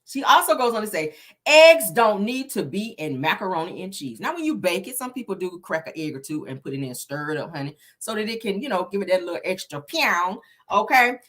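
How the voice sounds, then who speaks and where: A woman's voice: mid-range voice, big pitch swings, brisk, a bit bright. A woman hosting celebrity gossip in a sassy, chatty way, calling her viewers honey and baby. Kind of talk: casual gossip commentary.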